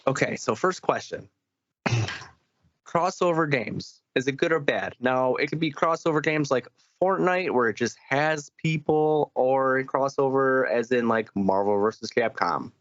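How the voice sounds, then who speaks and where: A tired man co-hosting a gaming podcast, relaxed and low-key with dry humor, running a points game. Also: unhurried, no room sound. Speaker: podcast co-host and game judge. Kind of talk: casual podcast chat. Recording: dull lo-fi sound, dry.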